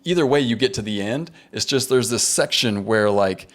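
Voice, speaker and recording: A man's voice: mid-range voice, expressive, moderate pace, fairly bright tone. A man hosting a podcast conversation, thinking aloud carefully and often restarting his words as he works out a point. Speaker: podcast host. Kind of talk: casual conversation.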